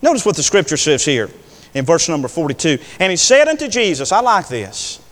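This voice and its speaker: An older male preacher delivering an impassioned sermon, swinging between hushed words and loud declarations. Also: on the high side, very animated, a little fast. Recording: long hall reverb.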